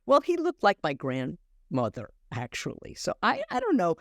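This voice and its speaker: A woman's voice: fairly low pitch, dry recording, studio quality. An older woman, an acting teacher, talking as a podcast guest and telling anecdotes with many restarts and acted-out dialogue. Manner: animated, halting restarts, acts out dialogue in stories. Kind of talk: anecdotal storytelling in conversation.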